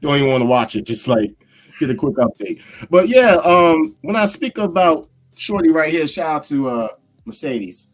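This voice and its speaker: A woman co-hosting a casual podcast, her pitch swooping widely as she talks. She reacts with expressive, incredulous outbursts and swears freely. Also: normal speed, poor audio. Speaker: podcast co-host.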